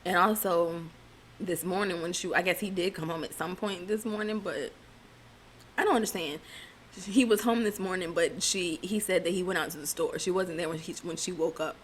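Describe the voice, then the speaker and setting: Chatty, sarcastic woman with a lowish voice. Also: fairly even intonation, normal speed, slight background noise. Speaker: reality TV recap vlogger. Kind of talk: casual recap chat.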